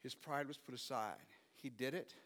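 A man's voice: mid-range voice, normal speed, a bit bright. A man pastor preaching a sermon, pressing his listeners with rhetorical questions. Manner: asks the audience many rhetorical questions. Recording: long reverb of a hall.

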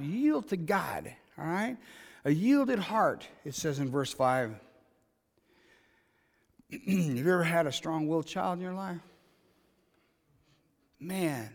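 A middle-aged man preaching a sermon, talking conversationally and building to loud, emphatic passages. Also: fairly high pitch, gravelly. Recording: long reverb in a large hall.

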